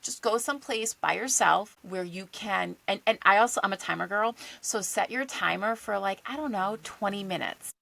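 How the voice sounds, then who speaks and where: Bright-voiced woman guest coach for a podcast, animated storyteller, dry close mic. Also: medium pitch, vocal fry, no room sound, rough recording. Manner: animated storyteller, quick asides and rhetorical questions. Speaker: guest, executive function coach. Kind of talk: casual podcast conversation.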